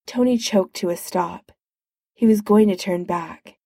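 A woman narrating a fan-fiction story aloud in a slow, even storytelling manner. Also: medium pitch, vocal fry, no room sound, clean studio sound.

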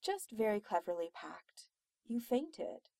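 A woman's voice: medium pitch, very animated, takes it slowly, vocal fry, dark tone, dry recording, full character voice. Cool posh young woman, as a woman reads her, composed, dry.

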